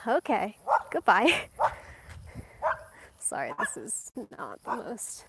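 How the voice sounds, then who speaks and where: A woman's voice: mid-range voice, wildly swooping pitch, takes it slowly, long pauses, background noise. A young woman chatting casually while walking her dog outdoors, a little out of breath, filming on her phone. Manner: chatty, distracted, laughing often, slightly out of breath. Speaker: lifestyle vlogger. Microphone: handheld phone.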